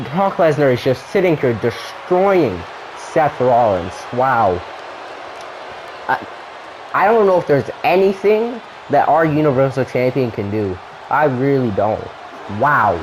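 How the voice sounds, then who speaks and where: A man commentating his own wrestling video game play-by-play, animated and quick to exclaim at the action. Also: fairly high pitch, noisy background.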